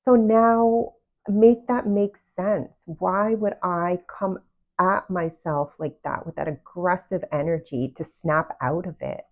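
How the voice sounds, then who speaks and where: A woman's voice: on the low side, fairly even intonation, slow, lo-fi sound. A woman giving casual, earnest self-love advice, often asking the listener direct questions. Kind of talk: casual motivational talk to camera.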